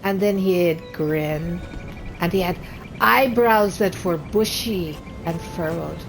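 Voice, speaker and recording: A woman's voice: fairly low pitch, takes it slowly, gravelly, poor audio. A woman playing a wood elf character in a game, telling a rambling tavern story that trails off and restarts. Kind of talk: in-character game role-play. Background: game music.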